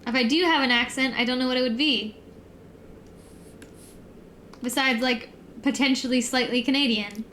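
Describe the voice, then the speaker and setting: A young American woman talks through a casual stream in a high voice. She rambles, laughs easily and piles up fillers. A faint hiss sits under the voice. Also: fairly even intonation, normal speed, long pauses, fairly bright tone. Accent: neutral American. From United States.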